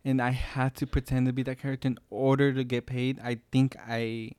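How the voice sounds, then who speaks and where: A young man co-hosting a casual podcast, rambling, joking and swearing as he talks. His voice sits at an ordinary middle pitch. It is recorded close in a dry room. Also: little pitch movement, fairly quick, a little mellow, clear, resonant tone, no room sound. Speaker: podcast co-host. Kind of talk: casual chat.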